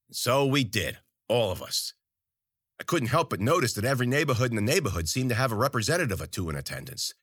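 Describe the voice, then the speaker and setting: A man's voice: mid-range voice, bright, forceful tone, no room sound, clean studio sound. A man narrating a story in the first person, crude, rambling and full of profane slang.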